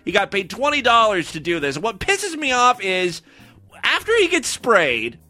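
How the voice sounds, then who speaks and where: A man hosts a podcast in a casual comedic style, full of sarcastic, crude asides. His voice is high and very bright, swinging widely in pitch. Faint music plays behind him. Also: wildly swooping pitch, moderate pace, no echo. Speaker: podcast host. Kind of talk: casual comedic commentary on clips.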